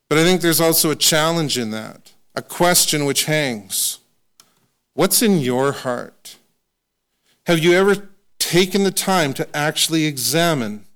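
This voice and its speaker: A man preaching a sermon in a conversational, self-deprecating way, slowing down to stress scripture. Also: on the high side, fairly bright tone, clear, resonant tone. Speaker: pastor.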